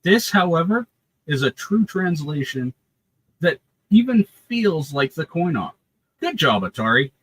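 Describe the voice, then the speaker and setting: A man's voice: a little high, very animated, a little slow, fairly bright tone, husky, rough recording. A man guest-hosting a gaming stream, reading old magazine reviews aloud with relish. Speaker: guest co-host.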